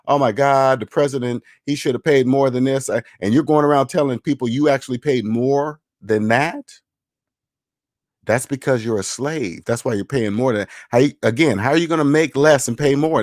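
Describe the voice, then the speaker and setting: A man's voice: medium pitch, a little mellow, dry recording, clean studio sound. A man hosting a money channel, lecturing in casual livestream commentary, emphatic and repetitive, answering viewer chat. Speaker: finance channel host.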